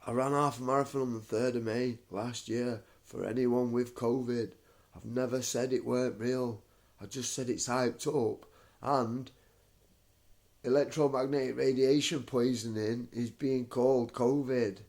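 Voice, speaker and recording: A man's voice: mid-range voice, fairly even intonation, unhurried, a little mellow. A young man, feverish and shivering, rambling at home in a repetitive way and calling the listener mate. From United Kingdom. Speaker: vlogger. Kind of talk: rambling home video monologue. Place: his home.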